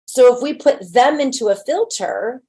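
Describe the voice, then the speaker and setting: A woman with a fairly high voice gives a casual webinar talk as a real estate agent. She speaks in a blunt, conversational way and leans on homely everyday examples to make her point. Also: lively intonation, moderate pace, warm tone.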